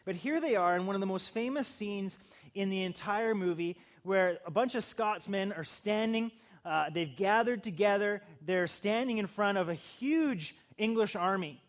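A man's voice: high-pitched, normal speed. A middle-aged male pastor giving a conversational sermon, building to emphatic bursts.

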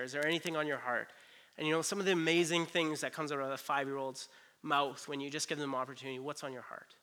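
Bright-voiced man preaching a casual sermon. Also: a little high. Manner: earnest, conversational, lots of "you know" asides. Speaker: pastor.

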